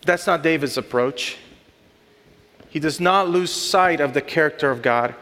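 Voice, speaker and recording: A man's voice: on the high side, measured pace, sharp tone. A man in his thirties or forties preaching a sermon, earnest and building to emphatic lists. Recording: long hall reverb.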